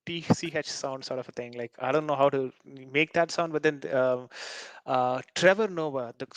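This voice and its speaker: Male stream guest, hesitant casual talk, mid pitch, dry sound. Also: moderate pace, no echo. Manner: hesitant, many fillers. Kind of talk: casual chat on a live stream.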